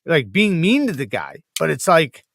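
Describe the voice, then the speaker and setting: A man's voice: on the high side, huge pitch swings, moderate pace, vocal fry, fairly bright tone, dry recording. A man who reviews knives, a podcast guest in casual chat who rambles emphatically and restarts his sentences.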